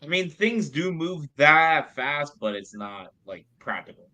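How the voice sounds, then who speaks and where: Bright, lively man chiming in. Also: on the high side, a little slow. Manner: short reactive interjections. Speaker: podcast co-host. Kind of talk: casual chat.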